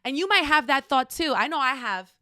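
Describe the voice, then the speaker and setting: A woman's voice: high-pitched, animated, a little fast, pushed and bright, no room sound, studio quality. A woman teaching a faith-based class in a frank, conversational way, speaking straight to her listeners. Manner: acts out quoted voices.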